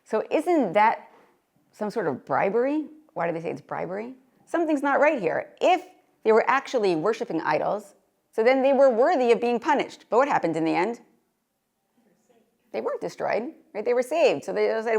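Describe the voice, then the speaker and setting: A woman's voice: on the high side, sing-song, moderate pace, gravelly, a little mellow. A woman giving a Torah lecture to a live audience, reading Hebrew sources aloud and translating them, often asking questions. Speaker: Torah teacher.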